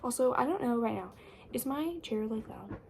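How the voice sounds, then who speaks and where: Over a noisy background, a young woman with a gravelly, somewhat high voice vlogs an animated rant about books she dislikes. She speaks at normal speed, casual and sarcastic, with plenty of fillers.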